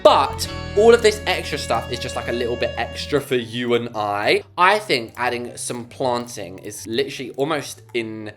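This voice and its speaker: A woman's voice: very deep voice, very animated, normal speed, hardly any pauses. A woman chatting bubbly and casually to her viewers while building in a game. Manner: chatty, bubbly, talks to chat. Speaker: gaming YouTuber. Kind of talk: casual gameplay commentary. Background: background music.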